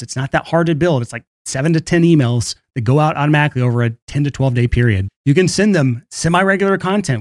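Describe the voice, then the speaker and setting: Fast-talking male podcast host. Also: a little high, darkish tone, dry recording, studio quality. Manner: brisk, casual, laughs between points. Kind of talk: solo podcast monologue on marketing.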